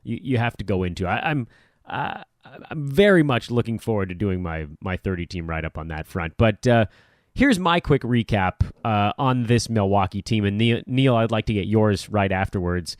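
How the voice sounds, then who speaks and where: A man's voice: fairly low pitch, animated, normal speed, no echo, clean studio sound. A middle-aged man hosting a casual sports podcast, rambling and self-deprecating as he chats. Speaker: podcast host.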